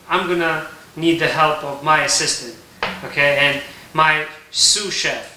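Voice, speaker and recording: A man teaching a recipe in his kitchen, explaining each step in a relaxed way and checking in with "okay?". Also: fairly high pitch, roomy sound, distant mic, a little hiss or hum, rough recording. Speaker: home baker teaching a recipe. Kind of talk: casual cooking tutorial. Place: home kitchen.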